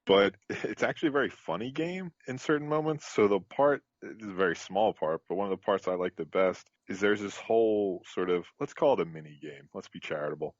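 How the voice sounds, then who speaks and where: Deep-voiced man, laughing storyteller. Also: a little fast, hardly any pauses, no echo, dull audio. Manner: animated storyteller, laughs often. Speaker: podcast co-host. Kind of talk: casual chat.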